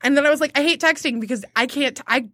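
High bright-voiced woman chatting, laughs a lot, acts out quotes, dry mic. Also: fast, no echo. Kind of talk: casual storytelling chat.

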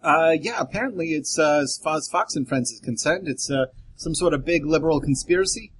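A man's voice: on the high side, a little fast, slight background noise. A man in a tabletop role-play, narrating his moves in a hesitant, wry way. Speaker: player.

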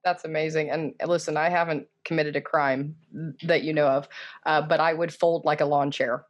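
An interview host talks with a guest in an amused, eager way. The voice is mid-pitched. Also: steady tone, normal speed. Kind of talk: interview chat.

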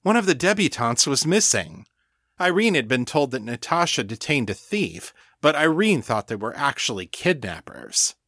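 A man's voice: mid-range voice, big pitch swings, normal speed, sharp tone, dry recording, clean studio sound. A man host giving a scripted recap of the story so far in a storytelling manner.

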